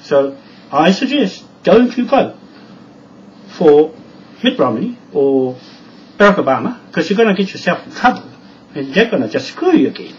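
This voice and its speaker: Rambling man, animated, distant lo-fi. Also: a little high, moderate pace, long pauses, a little hiss or hum. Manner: rambling, repetitive, warning. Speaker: video blogger. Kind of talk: rambling monologue to camera.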